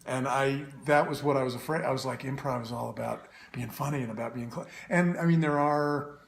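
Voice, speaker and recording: A man hosting a live interview, asking thoughtful questions with many restarts and pauses. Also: medium pitch, gravelly, slight background noise. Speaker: host.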